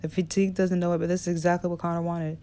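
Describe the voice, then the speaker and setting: A woman narrating an audiobook in a relaxed reading style, with small slips and restarts. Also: fairly low pitch, racing, smooth. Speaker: audiobook reader.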